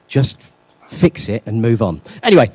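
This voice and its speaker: A man speaks at a conference workshop, loose and self-mocking, with plenty of ums and uhs. His voice is mellow and dark in tone. The sound is close and dry, with little room in it. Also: medium pitch, sing-song, moderate pace, slightly rough, no room sound. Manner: self-deprecating, joking, many fillers. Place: lecture room.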